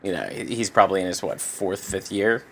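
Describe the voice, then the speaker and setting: A man co-hosting a podcast, giving blunt, animated opinions in casual sports talk. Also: low voice, brisk, a little hiss or hum. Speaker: podcast co-host.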